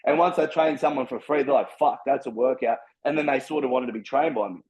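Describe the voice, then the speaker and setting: A man's voice: medium pitch, darkish tone. A young Australian man, a personal trainer, telling his story in casual chat, blunt and full of swearing. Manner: blunt, heavy swearing, fast and driven. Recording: slightly dull lo-fi sound.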